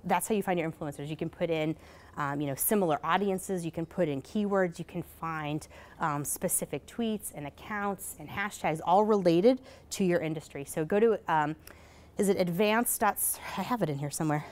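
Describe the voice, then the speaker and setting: A woman giving a conference presentation in a casual, hurried way, full of fillers and asking "right?" as she goes. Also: fairly low pitch, a little mellow. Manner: casual, many fillers, rhetorical "right?" tags; hurried, self-correcting. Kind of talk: live presentation. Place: conference session.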